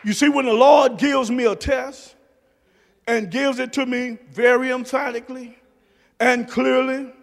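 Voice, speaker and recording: A pastor preaching a sermon, dropping to soft low murmurs and rising to shouted emphasis. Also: male voice, fairly even intonation, measured pace, creaky, long reverb tail. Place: church sanctuary.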